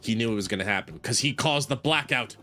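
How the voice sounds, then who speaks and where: A man's voice: medium pitch, fast talker, sharp tone, soft background music. A man streaming a shop simulator game, chatting casually in a rambling way, full of fillers. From United States. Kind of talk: casual gaming commentary.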